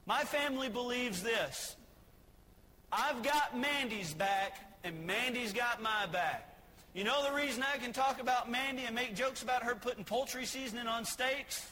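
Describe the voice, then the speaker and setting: A man's voice: very high voice, normal speed, pushed and bright, big-room sound, low-quality recording. A man preaching a sermon as pastor, folksy and joking as he tells stories between points. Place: church sanctuary.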